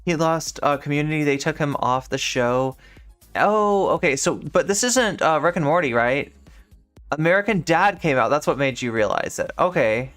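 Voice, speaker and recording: A woman streamer chats casually while gaming live, rambling and leaning heavily on filler words. Her voice is low and animated at a normal speed, with faint music behind her.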